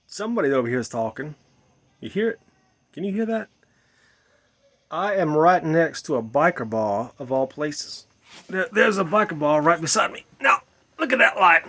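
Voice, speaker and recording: A tipsy man rambling to camera outdoors at night, repeating himself, swearing and musing aloud to viewers he calls his children. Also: a little high. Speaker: vlogger in a "Mother" persona. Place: outdoors at night beside a bar.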